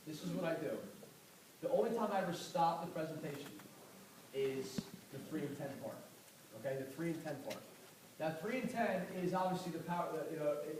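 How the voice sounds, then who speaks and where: Man, sales trainer, fast and fired up, slightly high voice, recorded from afar in a very echoey room. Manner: energetic, repetitive, acts out sales dialogues. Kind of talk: motivational sales training talk. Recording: very echoey distant room recording with faint noise.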